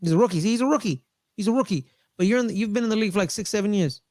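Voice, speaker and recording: A man co-hosting a casual sports podcast, talking excitedly and repeating phrases for emphasis. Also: high-pitched, racing, no echo, clean studio sound. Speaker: podcast co-host.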